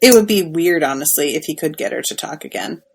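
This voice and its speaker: A woman's voice: deep voice, expressive, a little fast, husky, poor audio. A woman co-hosting a podcast, casually recapping a TV episode in an emphatic, sympathetic way with lots of fillers. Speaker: podcast co-host.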